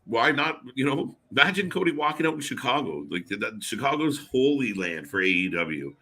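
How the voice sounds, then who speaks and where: A man co-hosting a live wrestling watch party stream, chatting casually with fillers and quick reactions. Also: medium pitch, sing-song, sharp tone.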